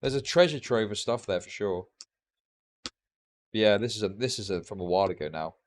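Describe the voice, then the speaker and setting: A man's voice: on the low side, expressive, fairly quick. A young man streaming live reaction commentary, profane and mocking with sarcastic asides.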